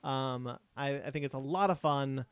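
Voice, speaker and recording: A man's voice: medium pitch, normal speed, smooth, dry recording. A man co-hosting a casual podcast chat, talking with enthusiasm and plenty of hesitant fillers and restarts. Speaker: podcast co-host.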